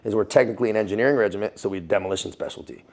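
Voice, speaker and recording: An American man in a casual interview, telling military stories in an animated, profane way, laughing often and calling the listener dude. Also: lowish voice, very fast, creaky. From United States. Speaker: guest, former Navy SEAL and Foreign Legionnaire.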